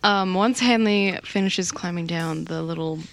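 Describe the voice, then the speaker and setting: A woman describing her character's actions in a tabletop game, soft-spoken and hesitant. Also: fairly low pitch, measured pace, gravelly. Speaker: player. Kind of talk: casual tabletop play.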